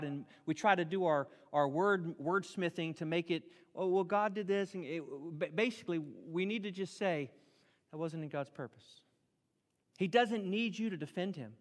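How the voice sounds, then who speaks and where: A middle-aged man preaching a sermon as a pastor, animated, acting out prayers in a raised voice. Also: high-pitched. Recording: long reverb of a hall.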